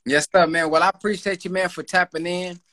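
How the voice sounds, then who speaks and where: A man's voice: sits high, fairly even intonation, fairly quick, sharp tone, no room sound. A man hosting a casual livestream, talking in a loose, joking, slangy way to callers. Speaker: livestream host selling an online course. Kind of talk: casual live-stream chat.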